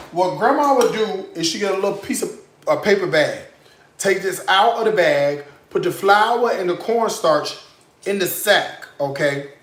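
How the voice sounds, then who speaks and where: A man's voice: high voice, fairly bright tone. Sassy chatty man, echoey kitchen. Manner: sassy, chatty, addresses viewers directly, frequent "okay?" tags. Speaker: cooking show host. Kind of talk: live cooking demonstration with sales pitch. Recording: echoey room with faint noise.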